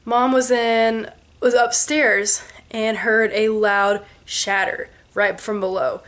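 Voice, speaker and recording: A woman in her twenties, a vlogger, telling a ghost story to camera in an animated way, with sound effects and quoted voices. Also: on the high side, slow. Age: 20s.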